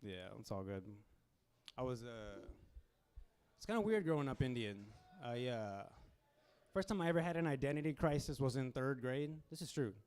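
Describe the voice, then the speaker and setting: A young man on a handheld mic in a small comedy club, riffing through a stand-up set. His voice sits in an ordinary middle register, and his delivery is loose and casual, with deadpan asides and quick acted-out bits of other people. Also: medium pitch, smooth.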